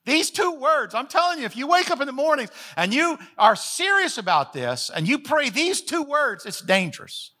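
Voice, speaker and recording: A man's voice: very high voice, very animated, normal speed, hardly any pauses, sharp tone. A man preaching a sermon as the pastor, folksy and emphatic, repeating phrases to drive points home.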